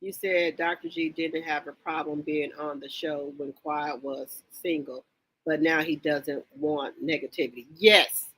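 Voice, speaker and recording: A woman chats on a casual livestream, reading viewer comments and reacting to each one. Her voice is bright and a little husky. She exclaims often and repeats her reactions over and over. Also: sits low, measured pace, low-quality recording. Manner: animated, exclaims and repeats herself, reads chat comments aloud. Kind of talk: casual reality-TV gossip chat.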